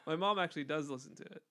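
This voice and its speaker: A man's voice: fairly high pitch, a bit bright. A man co-hosting a podcast, chatting casually and enthusiastically, laughing often. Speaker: podcast co-host. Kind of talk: casual chat.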